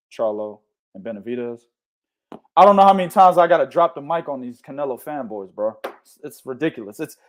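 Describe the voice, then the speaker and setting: A man hosting a boxing podcast in a loud, profane rant. He shouts his points and swears freely, with no letting up. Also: fairly high pitch. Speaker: podcast host.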